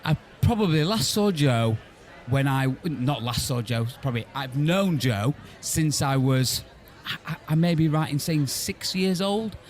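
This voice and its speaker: A man's voice: on the high side, expressive, a little slow, few pauses. A man co-hosting a casual pub-themed podcast, chatting and giggling often. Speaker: podcast co-host. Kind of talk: casual chat.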